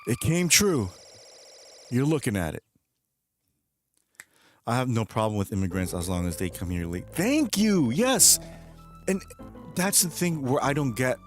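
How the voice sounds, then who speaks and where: A man's voice: mid-range voice, no echo, clean studio sound. A young man livestreaming, talking in a heated, profane rant, stumbling and restarting his sentences. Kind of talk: casual chat.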